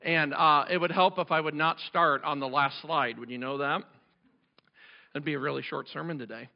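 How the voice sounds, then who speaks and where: A middle-aged male pastor delivers his sermon with a raised, high-pitched voice, loud and fervent, drifting into chatty asides. His voice is strained and cracking from overuse, and the recording sounds dull and lo-fi. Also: fairly even intonation, normal speed, gravelly. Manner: loud and passionate, conversational asides. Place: church sanctuary.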